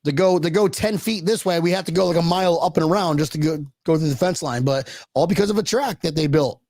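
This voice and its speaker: Man, high voice, casual co-host chat, animated, laughs a lot, dry close sound. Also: fast, no room sound. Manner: animated, laughing, trails off and restarts.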